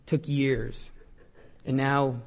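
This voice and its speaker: A middle-aged male pastor preaching a sermon in a conversational, joking way, reading scripture aloud and swinging between loud and quiet. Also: mid-range voice, level tone, slow pace, vocal fry.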